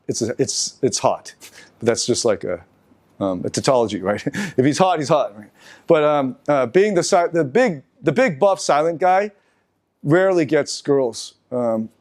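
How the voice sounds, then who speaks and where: A middle-aged man giving a live seminar lecture, talking in an animated, halting way with restarts and asides to the audience. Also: mid-range voice. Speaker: seminar speaker.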